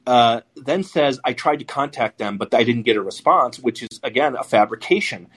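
A podcast host with a medium-pitched, expressive, slightly bright and rough voice talks at normal speed. He gives blunt, profane commentary on his talk show, rambling casually with many restarts.

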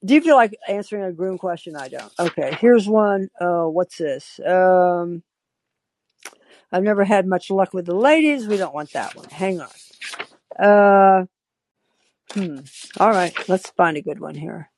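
A woman's voice: on the low side, a little slow, a little mellow, slight background noise. A woman podcast host telling a story and chatting in a wry, self-interrupting way. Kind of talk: storytelling and call-in chat.

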